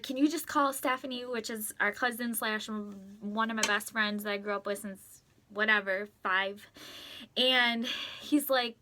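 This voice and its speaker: A woman in her thirties talks into her camera at home, telling a story in a chatty, excitable way. Her voice sits a little high, with a bright, forceful edge, and she slips into quoting what everyone said. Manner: chatty, excitable, lots of "like" and quoted dialogue. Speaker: vlogger. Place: at home, in a closet.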